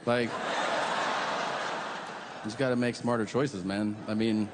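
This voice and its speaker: A man doing a stand-up comedy set, telling stories deadpan and acting out both sides of the conversations. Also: mid-range voice, moderate pace, long pauses. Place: comedy club stage. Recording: live club stage mic, long hall reverb, audience noise.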